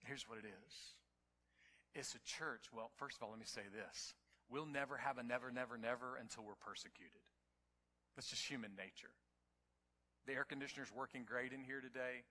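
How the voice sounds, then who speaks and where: A man preaching a sermon to his congregation, telling stories and building to near-shouts at the climaxes. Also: mid-range voice, moderate pace, big-room sound, slight background noise. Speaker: pastor. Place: church sanctuary.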